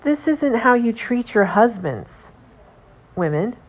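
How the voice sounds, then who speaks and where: A woman's voice: fairly high pitch, big pitch swings, slow pace. A young woman vlogging at home in casual chat, earnest and indignant, rambling with lots of fillers as she talks.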